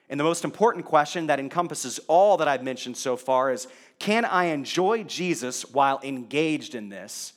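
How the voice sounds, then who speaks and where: A man's voice: on the high side, expressive, moderate pace, few pauses. A male pastor preaching a sermon in a conversational way, asking the congregation rhetorical questions.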